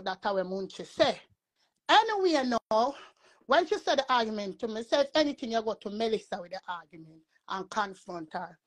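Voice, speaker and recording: A woman with a Jamaican patois accent, telling a long rambling story in a casual live chat. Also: fairly high pitch. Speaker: storyteller guest.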